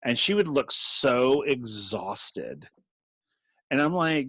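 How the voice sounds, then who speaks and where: A man's voice: medium pitch, sing-song, slow pace, fairly bright tone, husky, no room sound, low-quality recording. A man in casual chat about tabletop games, rambling with restarts and laughing often. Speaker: game master and podcast host.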